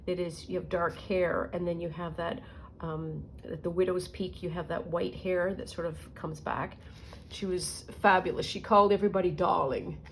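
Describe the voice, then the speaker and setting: A woman's voice: on the low side, little pitch movement, normal speed, a little hiss or hum. A middle-aged woman telling rambling stories and muttering to herself as she works on a junk journal in a casual crafting vlog. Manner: rambling storyteller, muttering to herself while working.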